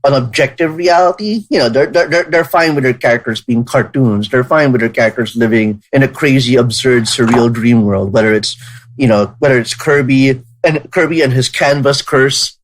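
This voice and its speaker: A man co-hosting a podcast, talking at length in a casual way, with many restarts as he thinks out loud. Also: mid-range voice, normal speed, rough recording. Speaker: podcast co-host.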